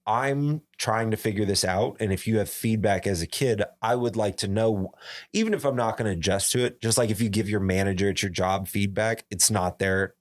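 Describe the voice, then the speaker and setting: A young man from Arizona chatting casually on a podcast, an animated storyteller who says "like" a lot. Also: fairly low pitch, moderate pace. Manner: animated storyteller, fills talk with "like". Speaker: podcast guest or co-host.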